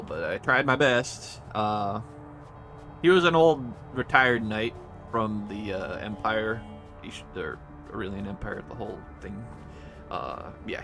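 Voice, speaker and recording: A man recapping his tabletop campaign as game master, rambling and hesitant with many fillers and restarts. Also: on the low side.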